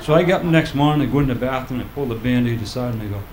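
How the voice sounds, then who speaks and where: A man's voice: medium pitch, rapid-fire, few pauses, slight background noise. Older man doing stand-up, roomy club. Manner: deadpan storytelling with acted-out quotes. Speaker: stand-up comedian. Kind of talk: stand-up comedy set. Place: comedy club stage. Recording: roomy live club recording.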